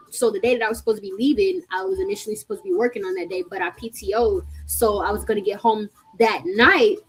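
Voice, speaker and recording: A young adult woman telling a long story to her viewers in a chatty, animated way, often calling out to them. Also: on the high side, breathy edge, poor audio. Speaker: vlogger.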